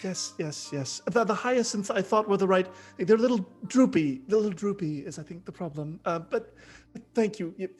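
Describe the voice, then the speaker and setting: A man voicing a flustered, excitable young noblewoman who gushes and stammers. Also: medium pitch, normal speed, husky, soft background music, voice pushed up, natural voice. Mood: fluttery. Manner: breathless, gushing, stammering.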